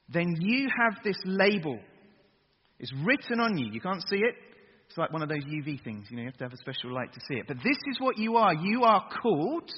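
A man preaching a lively sermon to young people, getting them to chant along. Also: high-pitched, breathy edge. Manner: energetic, gets the crowd to chant along. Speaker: youth preacher. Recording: dull echoey hall recording.

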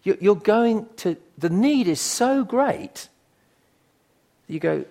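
An older man preaching a sermon in a conversational, emphatic way, swinging from quiet asides to loud bursts. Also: high-pitched, lively intonation, slow, vocal fry, pauses often.

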